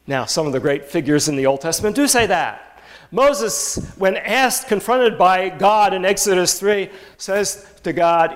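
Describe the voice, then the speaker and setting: A man preaching a sermon, telling Bible stories with animated emphasis that rises toward his points. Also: high voice, unhurried. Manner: animated storytelling, rising with emphasis. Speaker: pastor.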